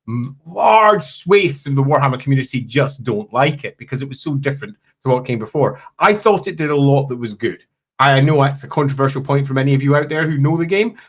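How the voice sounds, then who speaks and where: Brief: male host, lively pitch, rambling chatty delivery, frequent laughs. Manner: animated, laughing, rambling asides. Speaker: host and game producer. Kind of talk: casual chat.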